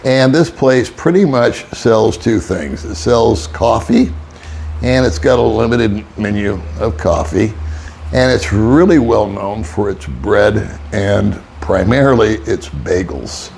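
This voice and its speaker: A man's voice: lowish voice, slow pace, gravelly, a little mellow, a little hiss or hum. An older man, an expat vlogger, telling a rambling, wry story in casual monologue and chuckling often. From United States.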